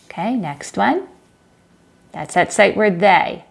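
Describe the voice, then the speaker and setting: A woman reading a children's book aloud in a lesson, saying each line slowly and clearly, then quickly and softly prompting the child to read along and praising them. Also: fairly low pitch, animated. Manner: encouraging, asks simple questions. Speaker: teacher reading with a young child.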